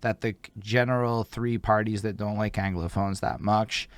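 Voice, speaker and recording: Dude interviewer, lowish voice, chill, swears, dry mic. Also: male voice, fairly even intonation, normal speed, no room sound. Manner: laid-back, profane, opinionated. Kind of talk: casual interview chat.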